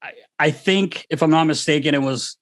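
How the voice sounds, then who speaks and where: Male podcast host, slightly high voice, animated storyteller who laughs often. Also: moderate pace. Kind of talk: casual storytelling chat.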